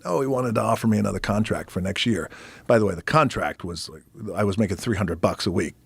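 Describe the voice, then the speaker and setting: A man as a podcast guest, telling a profane, animated story in casual conversation and acting out other people's lines. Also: lowish voice, fairly quick, gravelly, slightly rough, no echo.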